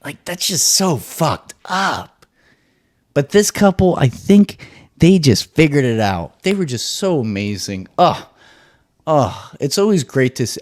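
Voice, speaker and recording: Animated, foul-mouthed male podcast host. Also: fairly high pitch, slow pace. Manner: animated, profane, excitable rambling. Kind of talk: solo podcast rant.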